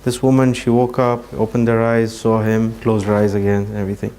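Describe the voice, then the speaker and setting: A man giving a talk to an audience, telling a story at an unhurried pace and dropping his voice to near-quiet at emotional moments. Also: lowish voice, completely flat delivery, a little hiss or hum. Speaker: speaker at a training session.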